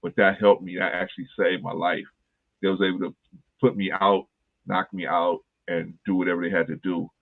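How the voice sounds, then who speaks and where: A man's voice: low voice, little pitch movement, moderate pace. A man hosting a talk podcast, telling a personal story in earnest, casual chat and repeating phrases for emphasis. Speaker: podcast host. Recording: tinny phone-like line.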